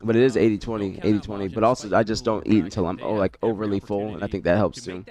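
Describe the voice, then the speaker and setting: A male streamer chats loosely through a watch party, rambling and calling out his viewers by name. His voice sits a little low and sounds congested from a recent cold. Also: fast, soft background music. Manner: relaxed, rambling, talks to chat by name. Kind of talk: casual stream chat reading chat messages.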